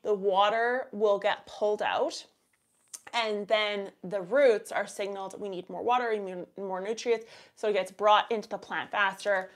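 A woman's voice: mid-range voice, fairly even intonation, a little slow. Woman, Canadian accent, thirties, chatty live-stream host, rambling, reads out chat comments.

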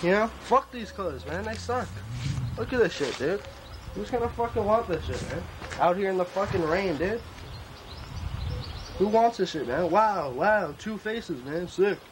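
A young man with a high, light voice rambles through a foul-mouthed comic rant, tossing in "man" and "bro" at every turn. Loud outdoor noise sits under him the whole time. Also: expressive, measured pace. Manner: rambling, profane, slangy, swings between griping and bragging. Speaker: clothing designer character. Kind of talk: improvised comedic monologue. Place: outdoors at a tent camp.

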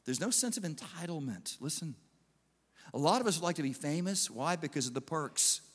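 A man with a fairly high voice preaches to a large congregation, animated and playful, slipping into brief impersonations of the people in his stories. His voice carries a long reverb from the auditorium around him. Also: breathy edge. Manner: animated, acts out biblical figures in quick asides. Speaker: pastor. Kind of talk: sermon.

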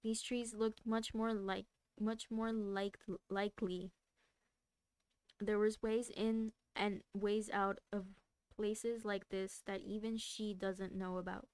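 A woman's voice: medium pitch, level tone, takes it slowly, darkish tone, smooth, no room sound. Woman reading a novel aloud on stream. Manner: stumbles and restarts words, laughs at the text. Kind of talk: casual read-aloud on a livestream.

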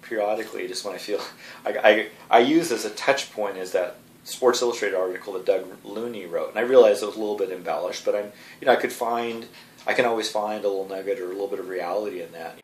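Male athletic trainer, quick casual storytelling, lowish voice, echoey room away from the mic. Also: distant mic, slight background noise. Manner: rapid storytelling with many "you know"s. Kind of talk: casual recollection.

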